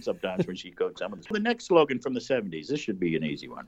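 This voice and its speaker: A male radio host plays quizmaster, reading old slogans slowly and ribbing his guest. His speech swings widely in pitch. The audio is dull and lo-fi. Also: big pitch swings. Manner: playful quizmaster, reads slogans slowly and teases. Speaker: radio talk show host. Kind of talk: casual radio quiz chat.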